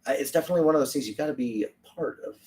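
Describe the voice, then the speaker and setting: A man's voice: a little high, very fast, a little mellow. A middle-aged man co-hosting a casual podcast, rambling and chatty. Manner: rambling, chatty, reads viewer comments aloud. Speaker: podcast co-host. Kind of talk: casual livestream chat. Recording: distant from the mic.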